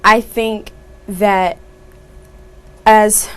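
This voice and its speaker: A woman's voice: medium pitch, level tone, very slow, clean tone, low-quality recording. A young woman, an activist guest on a talk show, speaking earnestly and firmly with many fillers. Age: young adult.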